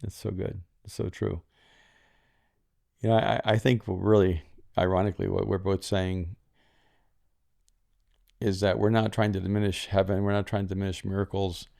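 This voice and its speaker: A man hosting a faith podcast, speaking in a measured, reflective way with a preacher's emphasis. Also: sits low, level tone, creaky, mellow. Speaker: podcast host.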